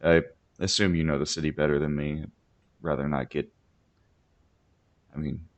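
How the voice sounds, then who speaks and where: A man role-playing his character at a tabletop game, dry, measured and reluctant. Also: rumbling low, flat delivery, dull audio. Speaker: player.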